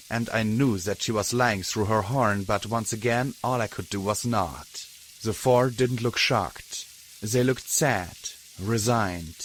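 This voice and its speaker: A man reading a fan audiobook in slow, measured narration. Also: on the low side, slight background noise. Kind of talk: scripted narration. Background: background music.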